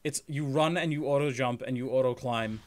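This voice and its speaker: A man's voice: medium pitch, a little fast. A man streaming a video game, giving casual commentary with sarcastic, swearing jokes.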